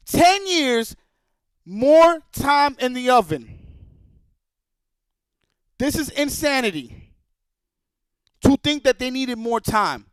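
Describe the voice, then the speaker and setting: Heated, high-voiced man streamer ranting. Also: sing-song, slow pace, long pauses, fairly bright tone, smooth, no echo. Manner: profane, heated and repetitive. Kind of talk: livestream rant.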